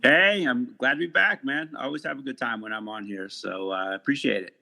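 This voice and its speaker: Gravelly-voiced man chatting on a podcast. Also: medium pitch, fairly quick. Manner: relaxed, many fillers and repeats. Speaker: podcast guest, sports attorney. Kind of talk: casual podcast chat.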